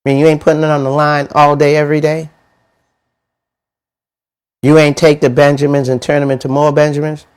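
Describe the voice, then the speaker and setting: A man giving a motivational money talk, animated and preachy, with lots of rhetorical questions and slangy, casual phrasing. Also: fairly high pitch, brisk, long pauses, clear, resonant tone. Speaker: money mentor.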